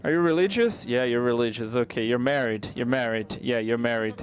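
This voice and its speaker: A man giving a live spoken interpretation of a stand-up comedy set, conversational and halting, with frequent restarts. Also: medium pitch.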